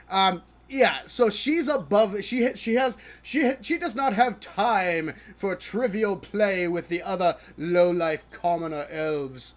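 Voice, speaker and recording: High-voiced exasperated male streamer. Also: lively intonation. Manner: exasperated, mocking, laughing often; halting with many restarts. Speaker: live streamer. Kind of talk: live-stream reaction commentary while gaming.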